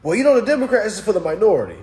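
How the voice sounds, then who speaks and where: A man voicing a naive voter who recites slogans, in a quick, pitched-up, mocking tone. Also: very animated, mellow, reverberant.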